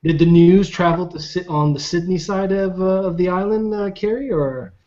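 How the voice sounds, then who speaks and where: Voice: mid-range voice, moderate pace, mellow. Panel moderator, easygoing, steering; dull lo-fi call audio. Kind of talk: casual panel chat.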